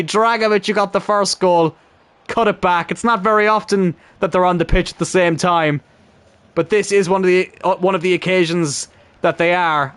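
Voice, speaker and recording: A man commentating his own football management game, cheering and shouting when goals go in. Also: fairly high pitch, smooth, no room sound. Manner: excitable, shouts at goals, laughs. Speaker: gaming YouTuber.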